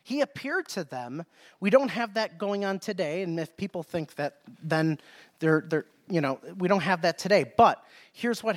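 Male preacher, Bible-teaching sermon, casual conversational delivery, frequent "okay?" check-ins, reads King James scripture aloud. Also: sits high.

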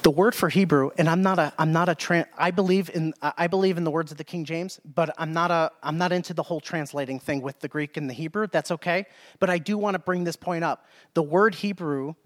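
A man's voice: on the high side, steady tone, brisk. A man preaching a Bible-teaching sermon in a conversational way, often checking in with "okay?" and reading scripture aloud in King James wording.

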